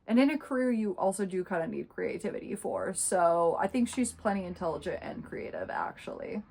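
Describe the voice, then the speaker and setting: A woman's voice: lowish voice, sing-song, brisk, vocal fry, a little mellow, slight background noise. A young woman in her twenties, chatting casually and sarcastically while reviewing a book. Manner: chatty, sarcastic, many fillers. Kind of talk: casual chat.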